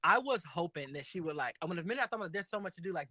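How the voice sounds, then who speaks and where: A man co-hosting a drag and pop culture show, chatting in a sassy, animated way and laughing often. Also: high voice, very fast, dry recording. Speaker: podcast co-host. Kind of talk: casual chat.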